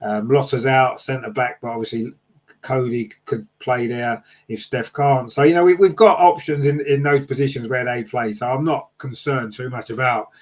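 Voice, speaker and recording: A man chats casually on a fan podcast, his voice sitting at an everyday middle pitch. He rambles along with plenty of fillers and tag questions, reading out viewers' comments and answering them. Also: steady tone, moderate pace. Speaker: podcast host reading live chat.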